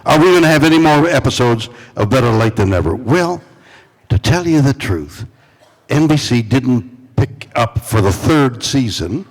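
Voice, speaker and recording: Older man in his 80s, celebrity convention guest, dramatic storyteller, lively swooping pitch, long hall echo. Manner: dramatic, theatrical pauses, playful teasing of fans. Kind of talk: animated storytelling on stage.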